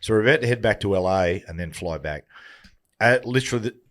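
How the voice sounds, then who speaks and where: A middle-aged man with a fairly low voice tells a long anecdote on a podcast. He is animated and acts out each person's lines as he goes. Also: fast. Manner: animated anecdote-teller who acts out dialogue. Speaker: podcast guest. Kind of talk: casual chat.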